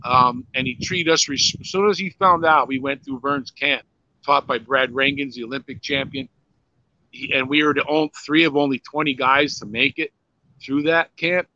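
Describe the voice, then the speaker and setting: Speaking at medium pitch and a moderate pace, this former pro wrestler, now older, has a bright, forceful tone. He wanders through crude anecdotes in a casual interview, full of "you know"s and false starts. There's no room sound, and the lo-fi audio comes across dry and slightly dull.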